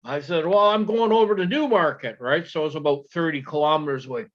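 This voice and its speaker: A man's voice: a little high, fast, few pauses, highs cut off. A man telling a long, rambling, profane story to friends over beers, acting out the quoted voices. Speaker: show regular. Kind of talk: casual storytelling among friends.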